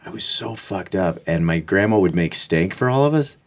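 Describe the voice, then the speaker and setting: A man's voice: sits low, moderate pace. A man, a podcast guest, casually telling anecdotes in a laid-back way and acting out the people in them. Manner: laid-back anecdotal, animated when quoting others. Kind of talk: casual chat, storytelling.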